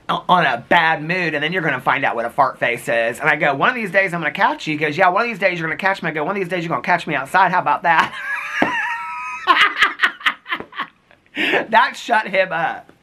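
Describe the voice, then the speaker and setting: A man's voice: lively intonation, fast, bright, forceful tone, a little hiss or hum. A man vlogging in a casual, chatty way, telling stories with frequent laughs and acting out what people said. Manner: chatty and giggly, acts out quoted lines in a higher voice. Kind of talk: casual storytelling vlog.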